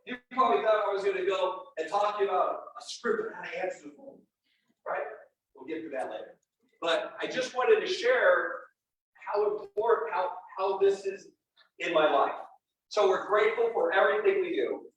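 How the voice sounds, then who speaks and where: A man's voice: high-pitched, normal speed. A middle-aged man at a real estate event, telling a personal story and speaking straight to a live audience. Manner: animated and personal, addresses the crowd directly. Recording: very echoey room, distant mic, faint noise.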